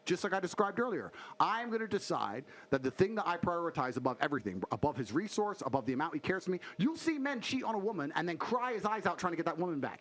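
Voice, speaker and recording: A man's voice: high-pitched, very animated, fast talker, few pauses, fairly bright tone. A brash man lecturing on a podcast clip, swearing freely as he argues. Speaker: podcast guest. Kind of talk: heated podcast argument.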